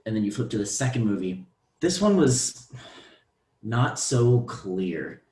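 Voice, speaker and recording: Young guy chatting about a movie, low voice, lots of ums, roomy echo. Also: expressive, a little slow, a little mellow. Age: young adult. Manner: thoughtful, many ums and restarts. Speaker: podcast co-host. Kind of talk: casual movie discussion.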